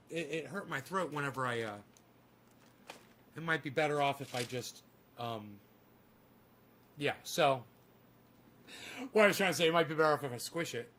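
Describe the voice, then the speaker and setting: A man on a casual livestream, swearing freely and talking to his dog in a high sing-song voice. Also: a bit bright. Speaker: streamer.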